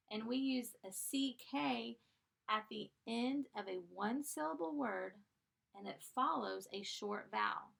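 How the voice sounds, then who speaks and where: Her voice is medium in pitch, creaky and sharp, with a measured pace. She's a first-grade teacher leading a dictation lesson slowly and clearly, drawing out each word's sounds with patience and encouragement.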